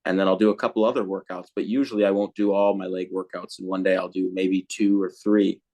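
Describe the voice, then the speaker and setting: A man with a low, deep voice chats casually as a podcast co-host being interviewed. He rambles loosely, circling back with fillers and restarts as he thinks out loud. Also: little pitch movement, fairly quick.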